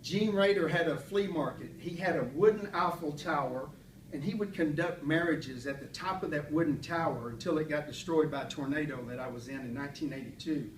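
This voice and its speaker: A man's voice: a little high, fairly quick. A man giving a prepared club speech, with folksy storytelling and light self-deprecating humor. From Paris, Texas. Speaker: club speaker. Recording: echoey room, mic far off, faint hum.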